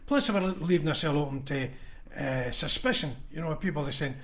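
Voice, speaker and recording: A man's voice: on the high side, brisk, fairly bright tone. A Scottish man, a former union convener, telling blunt anecdotes in a casual podcast chat and acting out what others said. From Scotland. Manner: anecdotal, blunt, acts out quoted voices.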